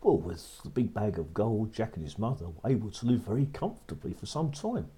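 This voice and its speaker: A man's voice: lowish voice, sing-song, a little fast, dark tone. A man narrating a children's story in a repetitive storybook manner. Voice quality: husky.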